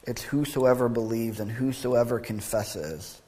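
A man's voice: mid-range voice, measured pace, dark tone. A man preaching a sermon as pastor, talking earnestly with restarts and then reading a long creed with building emphasis. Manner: thinking aloud, with repeated words and restarts.

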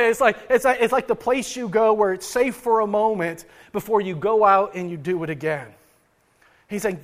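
A pastor preaching a sermon to his church, earnest, often repeating and restarting words, and swinging his loudness for emphasis. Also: high voice.

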